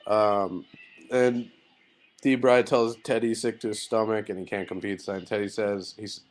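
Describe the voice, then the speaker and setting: Low-voiced man rambling through a vlog. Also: steady tone, measured pace. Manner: loose and rambling, many fillers, blunt opinions with swearing. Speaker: wrestling vlogger. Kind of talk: casual video review.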